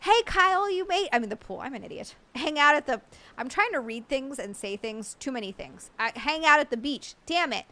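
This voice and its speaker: A woman's voice: high voice, animated, fairly quick, bright, forceful tone. An American woman livestreaming, chatting casually and rambling, reading out viewer messages and swearing now and then. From United States. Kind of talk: casual live-stream chat.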